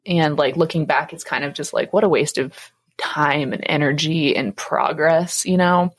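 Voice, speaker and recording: Husky young woman chatting with fillers. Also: low voice, moderate pace. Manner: rambling, many fillers, laughs often. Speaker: podcast co-host. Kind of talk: casual faith podcast chat.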